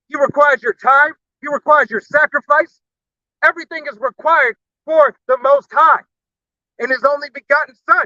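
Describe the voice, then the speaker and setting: A man's voice: very high voice, bright, forceful tone, no room sound, muffled recording. A man preaching a fiery sermon, blunt and profane, punctuating every point with a challenging "all right?". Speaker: street preacher.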